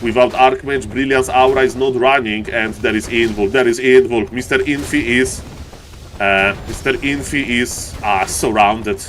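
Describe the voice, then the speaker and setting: A man casting a live strategy game match in English, which is not his first language, with bursts of shouting at big plays and joking asides to chat. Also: medium pitch, steady tone, moderate pace, a little hiss or hum. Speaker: esports caster.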